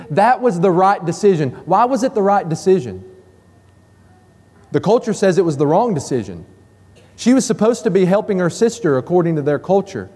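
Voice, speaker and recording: High-voiced man preaching a sermon. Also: sing-song, moderate pace, a little mellow. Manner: emphatic, repeating key phrases. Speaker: pastor. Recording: long reverb of a church hall.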